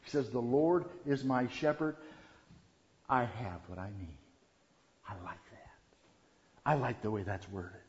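A man preaching a Christmas sermon, shifting from quiet reverence to loud, animated storytelling. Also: medium pitch, measured pace, long pauses. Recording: dull lo-fi sound.

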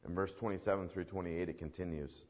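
A man's voice: low voice, fairly even intonation, fast, a little mellow. A man preaching a sermon in an earnest, emphatic way. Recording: dull recording with long hall reverb.

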